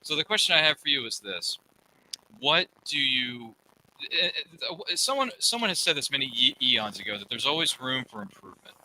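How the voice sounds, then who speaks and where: A man's voice: mid-range voice, very animated, moderate pace, pushed and bright, a little hiss or hum, low-quality recording. A man hosting a casual panel chat, jokey and rambling, going off on tangents. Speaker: podcast host.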